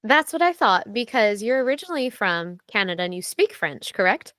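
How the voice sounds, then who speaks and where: A woman's voice: mid-range voice, big pitch swings, brisk, a bit bright, no echo, clean studio sound. A woman hosting a casual podcast interview, asking questions with enthusiasm and friendly reactions. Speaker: podcast host interviewing missionaries.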